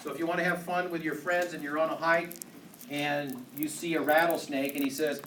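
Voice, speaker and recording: A man's voice: a little high, flat delivery, fairly quick, a bit bright. A man lecturing a university biology class, joking and asking the students questions. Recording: echoey hall from far off, noisy.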